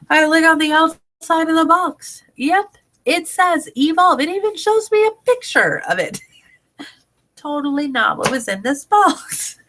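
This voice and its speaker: A woman's voice: high voice, a bit bright, slight background noise. A woman selling home products, a bit congested, telling a chatty story to camera at home and laughing often. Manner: chatty, laughs often, talks to her child between sentences. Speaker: direct sales consultant. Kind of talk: casual video tutorial. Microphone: camera mic, talking to camera.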